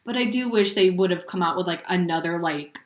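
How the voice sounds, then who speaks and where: A woman's voice: on the low side, a little fast. A woman co-hosting a casual chat podcast, talking loosely with lots of fillers and giggles. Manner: chatty, filler-heavy, giggly. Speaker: podcast co-host. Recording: roomy echo.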